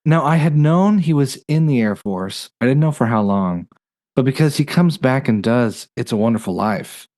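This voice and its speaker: A man hosting a podcast, chatting casually in a review and rattling off facts in quick bursts. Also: medium pitch, lively intonation, a little mellow, no room sound, clean studio sound. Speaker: podcast host.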